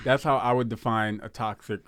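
A man's voice: medium pitch, moderate pace, gravelly, fairly bright tone. A man with a lisp hosting a casual group chat, laughing easily and repeating words as he searches for phrasing.

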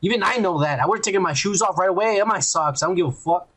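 A man's voice: sits high, fast, a bit bright. A man co-hosting a podcast, recapping an episode in a rambling, crude, profane way and putting on mocking voices for the characters. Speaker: podcast co-host.

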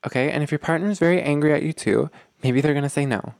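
A man's voice: a little high, fast, vocal fry, a little mellow, no echo. A man hosting a relationship advice talk, speaking earnestly and emphatically, often checking in with the listener and rambling with many fillers. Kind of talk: direct-to-audience advice talk.

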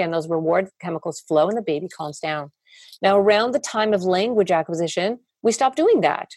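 A woman's voice: mid-range voice, moderate pace, a little mellow, no echo. A woman therapist explaining parenting techniques in a podcast interview, now and then acting out what parents and children say. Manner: explains steadily and acts out quoted parents and children.

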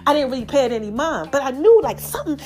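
Female podcast host, high-pitched, animated testimony style, speaks straight to listeners. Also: fast talker. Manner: expressive, preachy, talks straight to listeners. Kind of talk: casual testimony monologue.

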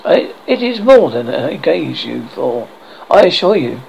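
Reader putting on a dry teasing husband, calm replies, gravelly tone, lively pitch. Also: unhurried, dull audio, slight background noise, exaggerated voice. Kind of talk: audiobook character reading.

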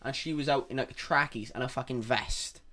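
A man's voice: medium pitch, steady tone, a little fast, crowd noise. A man co-hosting a casual podcast chat, swearing freely and acting out the lines of people in his stories. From Wales. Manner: swearing storyteller, acts out quotes loudly. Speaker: podcast co-host.

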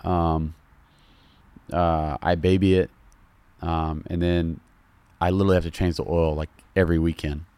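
A man with a Southern drawl talks in a deep, low register, loose and unhurried. He chats casually as a podcast guest, throwing in "bro" often. The sound is dry and close. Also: little pitch movement, a little mellow, smooth, no room sound. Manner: laid-back, loose, calls people bro. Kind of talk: casual chat.

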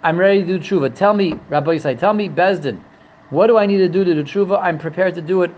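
A man's voice: sits high, quick pace, lo-fi sound, a little hiss or hum, close to an everyday voice. A man voicing a condemned man who pleads for mercy and piles up promises to repent. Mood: pleading.

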